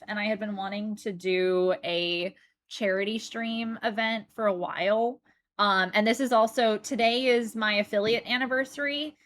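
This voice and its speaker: A woman in casual livestream chat, talking to her viewers in a loose, rambling way. She keeps restarting her sentences and filling pauses as she goes. Her pitch sits in an ordinary middle range. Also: fairly bright tone. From United States. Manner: chatty and rambling, with frequent fillers and restarts. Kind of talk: casual chat while reading chat.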